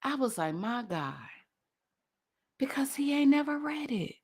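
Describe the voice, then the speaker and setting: A woman's voice: sits high, animated, fairly quick, a little mellow. A woman host and coach giving a passionate motivational talk, driving points home by repeating phrases.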